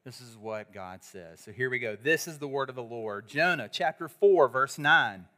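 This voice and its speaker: A man preaching a sermon at a church service, animated and leading the congregation in call-and-response. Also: medium pitch, moderate pace, few pauses.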